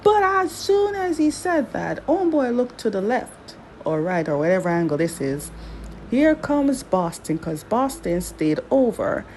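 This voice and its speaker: A woman's voice: a little high, big pitch swings, a little slow, a little mellow, slight background noise, rough recording. A woman giving a casual, chatty drama recap, talking back to the characters as she goes.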